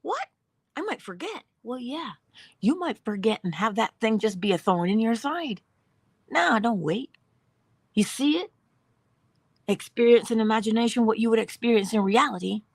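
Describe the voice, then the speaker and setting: A woman hosting a morning inspiration livestream, giving an animated spiritual talk and dropping at times into whispers. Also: on the high side, moderate pace, vocal fry, long pauses, husky, dry recording. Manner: animated, acts out dialogue in voices, drops to whispers.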